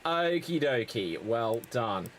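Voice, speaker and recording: A man's voice: medium pitch, very animated, takes it slowly, very noisy. A man hosting an improv comedy show, rambling and mocking himself.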